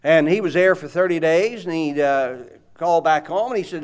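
A man preaching a sermon in an animated, conversational way, asking the audience questions. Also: on the high side, moderate pace, hardly any pauses, smooth.

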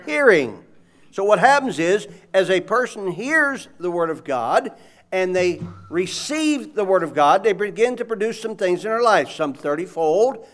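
A man preaching a sermon in an animated, conversational way, asking the audience questions. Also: sits high.

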